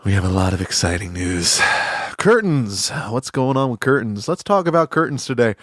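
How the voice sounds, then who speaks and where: A man's voice: medium pitch, no echo, clean studio sound. A man hosting a comedy podcast, rambling through an absurd mock-serious monologue and giggling at his own lines.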